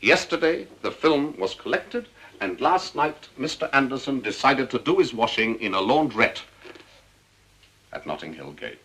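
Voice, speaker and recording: An actor with an English accent playing a cool, understated secret agent with dry wit in a 1960s TV drama. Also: male voice, medium pitch, sing-song, moderate pace, a bit bright, a little hiss or hum.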